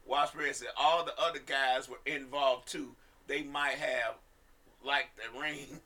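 A man's voice: mid-range voice, fairly even intonation, measured pace, sharp tone. A man co-hosting a podcast, gossiping and laughing often. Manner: gossipy, laughs often, reads comments aloud. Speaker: podcast co-host. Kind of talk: casual chat.

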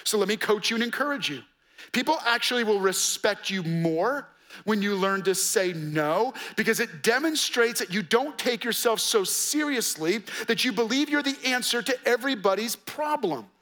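High, bright-voiced preacher man. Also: animated, normal speed. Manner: conversational, coaching, with playful asides and rhetorical questions. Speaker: pastor. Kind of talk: sermon.

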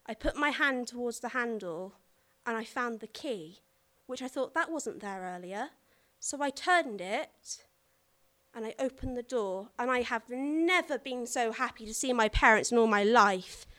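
A woman's voice: on the high side, a bit bright. A woman telling a personal story to an audience in an earnest, dramatic way. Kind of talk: live storytelling.

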